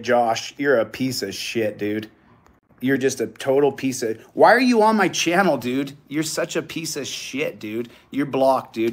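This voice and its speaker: Man ranting heatedly, repetitive and profane. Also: mid-range voice. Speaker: vlogger. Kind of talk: angry rant to camera.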